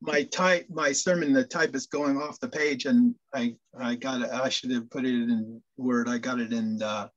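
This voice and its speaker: The audio is dull and lo-fi as a male minister preaches, joking in a storytelling style and often restarting phrases. He keeps a medium pitch and steady tone at normal speed, with few pauses.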